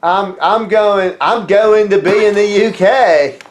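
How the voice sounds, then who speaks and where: A man with an American Southern accent trying to voice a British male wrestler, halting and stumbling over his words. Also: high voice, voice pushed up. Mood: flustered.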